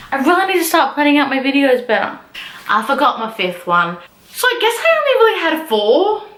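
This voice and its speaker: A young woman ranting casually to camera as a book vlogger, animated and swearing freely. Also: high voice, reverberant.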